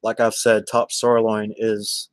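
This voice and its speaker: A man's voice: on the low side, monotone, slow pace, clear, resonant tone, dry recording. A man, chatting casually on a livestream and answering viewers by name in a rambling way. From Texas.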